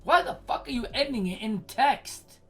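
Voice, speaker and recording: A woman's voice: fairly high pitch, normal speed, vocal fry, a bit bright, faint music behind. A woman in her forties hosting an advice stream, blunt and swearing freely as she rants at a listener. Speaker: advice show host.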